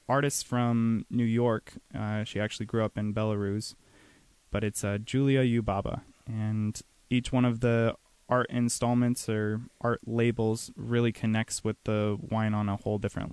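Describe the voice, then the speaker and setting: A young man, a winemaker, is a guest on a radio show, talking in a relaxed, slightly halting way. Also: fairly low pitch, smooth, no echo. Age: young adult. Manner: relaxed, a bit halting, with fillers. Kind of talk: casual radio interview.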